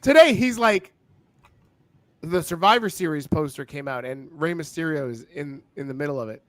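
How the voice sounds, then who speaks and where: A man co-hosting a casual wrestling chat show, animated and laughing as he tells stories. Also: on the high side, normal speed, no room sound. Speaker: podcast co-host.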